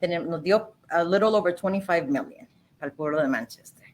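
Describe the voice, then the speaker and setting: Animated Puerto Rican woman, lowish voice. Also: fast, rough recording. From Puerto Rico. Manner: animated, switches between English and Spanish. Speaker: guest, town councilwoman. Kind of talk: casual interview chat.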